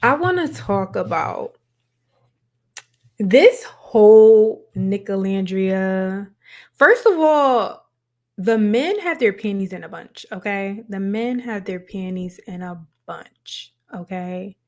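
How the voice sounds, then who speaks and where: A woman speaks casually to her camera as host, chatty and emphatic. She talks slowly and stretches out her words. Her pitch sits in the middle of the range. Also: expressive, a little mellow. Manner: chatty, emphatic, drawn-out phrasing. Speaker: commentary host.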